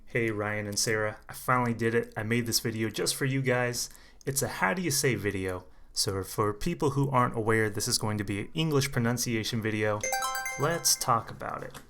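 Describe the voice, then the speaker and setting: A man runs a casual pronunciation lesson as a conversation coach, speaking at an ordinary mid pitch. He talks in a relaxed, chatty way and slows down to repeat each sound for learners. It is one unedited take recorded on a camera mic. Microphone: camera mic, unedited single take.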